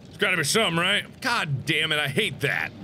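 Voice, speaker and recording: Loud jokey guy in his 20s playing a game, high gravelly bright voice, yelling a lot. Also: big pitch swings, brisk, a little hiss or hum. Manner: loud, theatrical and jokey, often shouting. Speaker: gaming host. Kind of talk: let's play commentary.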